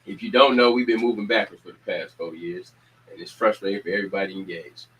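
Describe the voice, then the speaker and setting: Energetic man rallying his community. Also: deep voice, fast talker, poor audio. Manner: preacher-like repetition, energetic calls to action. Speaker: community organizer and show host. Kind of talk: casual community announcements.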